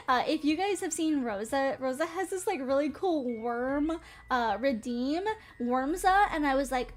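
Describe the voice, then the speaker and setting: A woman's voice: high voice, expressive, measured pace. A young woman from North Carolina, a streamer chatting casually to her viewers in a bubbly, rambling way and often breaking into giggles.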